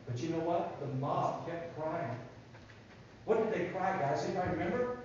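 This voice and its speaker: A man giving a children's sermon in a church, telling a Bible story in an animated way and asking the kids questions. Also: high-pitched, moderate pace, slight background noise. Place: church sanctuary. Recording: echoey church from far off, dull sound.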